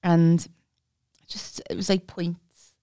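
A middle-aged woman with a Scouse accent, co-hosting a casual comedic chat and telling stories with lively impressions. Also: fairly low pitch, slow. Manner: storytelling, mimics people, swears. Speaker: podcast co-host.

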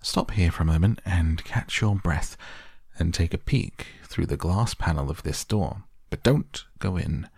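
A man voicing an eccentric, excitable candy-factory owner who talks briskly and impatiently in a storybook reading. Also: low-pitched, creaky, slightly rough, no echo, studio quality, heavily acted.

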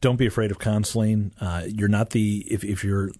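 Guy hosting a church radio show, kinda low voice, earnest, dry studio sound. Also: steady tone, normal speed, mellow, no echo. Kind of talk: faith-based radio talk.

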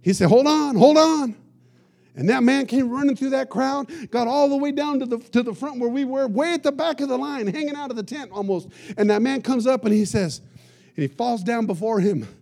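A male pastor preaching a sermon, telling lively stories and breaking in with shouts of praise. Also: extremely high pitch, brisk, vocal fry. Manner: energetic storytelling preacher with shouted praise interjections.

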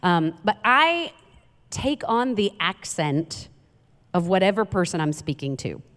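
A sing-song, unhurried, slightly bright voice on the low side belongs to a woman from Queens, New York. As a guest speaker in a church sanctuary, she preaches a humorous sermon through chatty, self-deprecating anecdotes, with long hall reverb around her.

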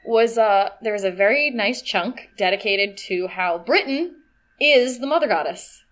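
Casting: woman, podcast co-host, chatty and animated, playful voice impressions. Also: mid-range voice, measured pace. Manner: animated, mimics voices with laughs. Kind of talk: casual chat.

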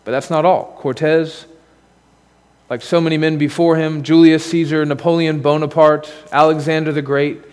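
Male pastor, slightly higher voice, casual preaching with asides, long church-hall reverb. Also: flat delivery, normal speed, darkish tone, clean tone. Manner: conversational preaching with asides and rhetorical questions. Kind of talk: sermon. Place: church sanctuary.

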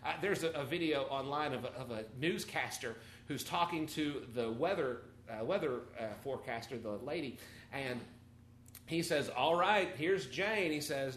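A man preaching a conversational, animated sermon, his volume rising and falling. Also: mid-range voice, moderate pace, a little hiss or hum. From Texas or Arkansas, USA. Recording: echoey room.

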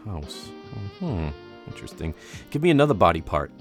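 Playful man with a lively voice. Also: sits low, normal speed, faint music behind. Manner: playful, teasing, laughs often. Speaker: podcast co-host. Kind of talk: casual chat and mock-sultry reading.

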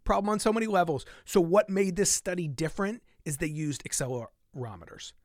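A man with a slightly higher voice hosts a fitness podcast, reading a study aloud and breaking it down in plain talk. He is animated and stops to repeat the lines that matter. The sound is dry and close. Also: brisk, no echo. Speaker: podcast host. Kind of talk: casual explainer reading from a study.

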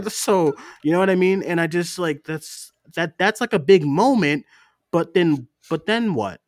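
On a podcast, a man co-hosts a casual review chat, loose and rambling with many fillers and frequent laughs. He has a high, unhurried voice with lively intonation, recorded studio-quality without echo.

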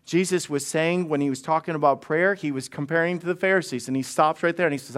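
Conversational male pastor, slightly high voice. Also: quick pace, hardly any pauses, a bit bright. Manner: conversational, frequent restarts and repetitions; humorous storytelling. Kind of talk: sermon.

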